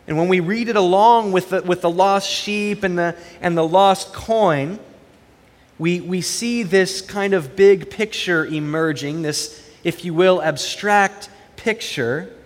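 A man's voice: sits high, long reverb tail. A man preaching a sermon as pastor, moving between earnest prayer and conversational storytelling.

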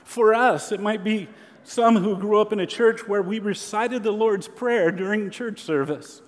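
A man preaching a sermon as a pastor, earnest and measured, with slow emphatic pauses. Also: high-pitched. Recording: long hall reverb.

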